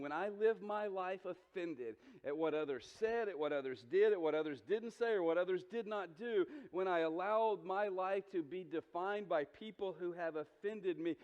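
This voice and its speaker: Pastor with a drawl in a reverberant church. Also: male voice, high-pitched. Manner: earnest, repeats words when starting sentences, direct questions to the congregation. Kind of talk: sermon. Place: church sanctuary. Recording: dull sound with long hall reverb.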